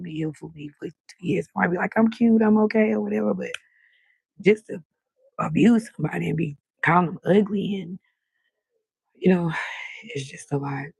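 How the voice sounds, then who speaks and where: Gravelly, husky woman chatting late at night. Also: fairly low pitch, no echo. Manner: loud, animated, cusses freely. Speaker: livestream host. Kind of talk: late-night livestream chat. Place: balcony outdoors at night.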